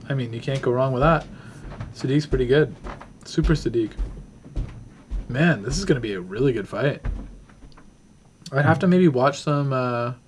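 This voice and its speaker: A man's voice: medium pitch, slight background noise. Rambling man breaking down fights. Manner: rambling, thinking aloud with many fillers. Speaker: podcast host.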